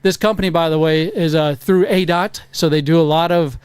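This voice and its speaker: A profane man spins a story on a casual podcast, acting out what everyone said. His voice sits high and clean. The sound is dry and close. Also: brisk, smooth, no room sound. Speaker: podcast co-host. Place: podcast studio.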